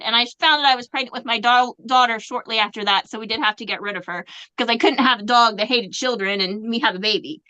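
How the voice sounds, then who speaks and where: Bright, high woman telling a lively story. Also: a little fast, hardly any pauses, no echo, rough recording. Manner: animated storyteller, acts out quotes. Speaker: livestream guest. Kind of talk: casual storytelling.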